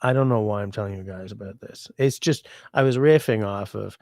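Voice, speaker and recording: A man's voice: fairly low pitch, a little fast, dry recording. Rambling sick man on a livestream. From Canada. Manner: rambling, relaxed, reads viewer comments aloud. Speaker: livestream host. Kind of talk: casual livestream chat.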